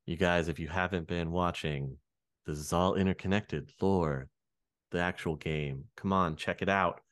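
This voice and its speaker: A man's voice: low voice, measured pace, fairly bright tone, no room sound, studio quality. A man hosting a podcast in an easygoing way, chatting and plugging the show, laughing often. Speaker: podcast host. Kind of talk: casual chat and show promo.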